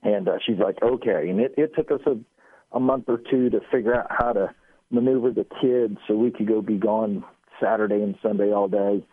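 Animated man telling a story over the phone. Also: fairly low pitch, fairly quick, husky, dry recording. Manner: animated, acts out quoted lines. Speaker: radio show guest. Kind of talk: casual storytelling. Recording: tinny phone line.

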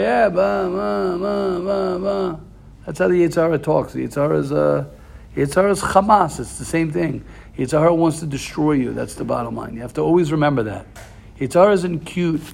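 Gravelly impassioned man giving a Torah talk. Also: on the high side, darkish tone. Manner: impassioned, repetitive, addresses listeners directly. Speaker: rabbi.

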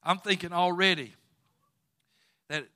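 A man preaching a sermon, moving from quiet storytelling to loud, fervent exhortation with folksy phrasing. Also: high-pitched, steady tone, measured pace.

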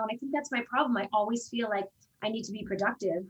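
Lively woman storyteller, slightly off-mic. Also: fairly high pitch, fast talker, recorded from a distance, poor audio. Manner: animated storyteller, acts out quoted exchanges. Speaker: fitness instructor. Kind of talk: casual interview talk.

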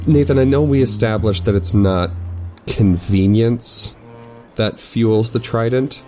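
A man playing a tabletop game, relaxed and thinking aloud as he describes his character. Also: medium pitch, measured pace, soft background music. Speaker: player.

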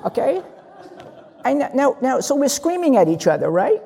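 An older woman gives a candid, funny dharma talk, her voice gravelly and husky with a mellow tone. The words carry a long reverb from a large meditation hall. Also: sits high, very animated, fast. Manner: candid, humorous, acts out little dialogues. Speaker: lay Zen teacher.

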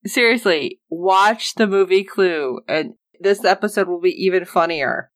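A woman co-hosting a casual recap chat, animated and laughing as she quotes characters. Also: fairly low pitch, a little slow, no echo. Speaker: podcast co-host.

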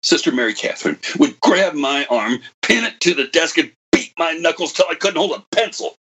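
A husky, bitter old man pours out a grievance in a dramatic monologue. His voice swoops high and low with raw feeling, wry one moment and anguished the next. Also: expressive, a little fast, a bit bright. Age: older. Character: bitter old man, a broken former computer prodigy.

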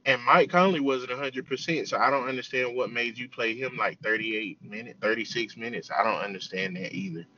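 A man with a mid-range voice argues his points in a casual basketball chat, steady and explanatory. The audio is slightly dull and lo-fi. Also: medium pitch, fairly quick, hardly any pauses.

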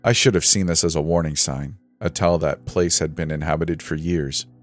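A man with a very low voice reads a first-person horror story in a steady, measured way that builds suspense. Soft music plays faintly beneath him.

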